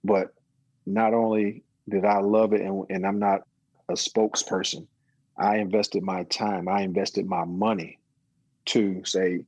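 A middle-aged man, an interview guest and business owner, talking casually and telling his story with lively quoted dialogue. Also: low-pitched, breathy edge, no room sound, rough recording. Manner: storytelling, animated when quoting others.

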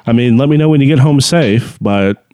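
A man's voice: mid-range voice, fairly quick, dark tone, a little hiss or hum. A man co-hosting a podcast in casual chat, blunt and laid-back, with lots of "you know" fillers. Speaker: podcast co-host.

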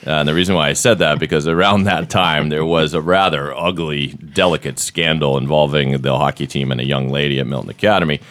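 A middle-aged man with an extremely deep voice hosts a casual podcast chat. He is playful and jokey, tossing out quick bits and getting excited. He is from Massachusetts. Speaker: podcast host.

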